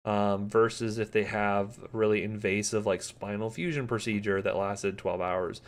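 A man giving a live pharmacology lecture in a conversational way, with frequent ums and pauses to answer student questions. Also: lowish voice, steady tone.

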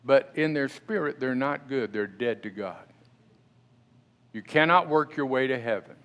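A man's voice: medium pitch, expressive, measured pace, a bit bright. A middle-aged male pastor preaching a sermon in a church, talking conversationally and often asking the congregation questions. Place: church sanctuary.

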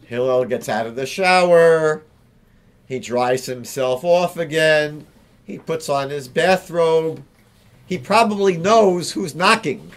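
A rabbi telling a teaching story in a slow, deliberate way, repeating key phrases. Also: male voice, a little high. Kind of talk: storytelling lesson.

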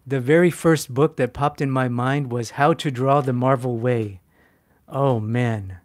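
A man's voice: medium pitch, measured pace. Chatty man teaching drawing live. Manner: chatty, self-mocking, animated with frequent fillers. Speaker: art instructor. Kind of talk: live-stream drawing demo, answering chat.

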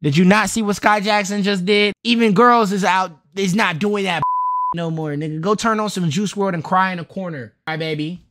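A man's voice: high-pitched, moderate pace, fairly bright tone. A young man streaming a reaction, mocking the clip in slangy, laughing casual talk.

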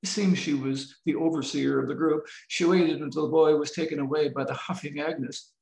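A novelist reading his novel aloud in a measured, expressive way over a video call. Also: on the high side, creaky. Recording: roomy video-call audio.

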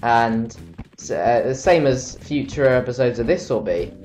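A man's voice: medium pitch, expressive, a little slow, a little mellow. A tired young man giving rambling, self-mocking commentary while playing a video game. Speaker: let's play commentator. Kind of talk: casual gameplay commentary.

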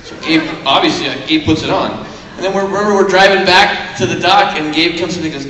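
Fast-talking man in a boomy hall. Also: pushed and bright, a little hiss or hum. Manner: quick, teasing, acts out quotes. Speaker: panel guest. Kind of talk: live panel storytelling. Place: large convention hall stage. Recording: echoey hall recorded from far off.

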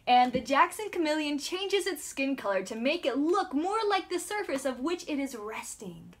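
A high-pitched young woman gushes through a casual home vlog, bubbly and excitable as she chats to her toddler between remarks. The recording carries a clear layer of background noise. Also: normal speed, hardly any pauses. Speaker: mom vlogger. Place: home room with backdrop.

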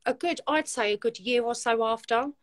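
A woman's voice: a little high, a little fast. A woman, a guest on a live video chat, telling her own story in a candid, heartfelt way. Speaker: guest, community founder.

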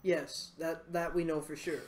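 A woman chatting casually while playing a puzzle game, thinking out loud. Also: low voice, fairly even intonation, a little slow. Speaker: player. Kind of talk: casual let's play chat. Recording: echoey room, faint noise.

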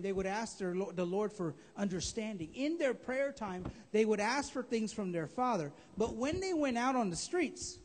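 Male pastor, very high voice, emphatic live sermon, echoing church hall. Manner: emphatic preaching, rising to shouts. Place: church sanctuary.

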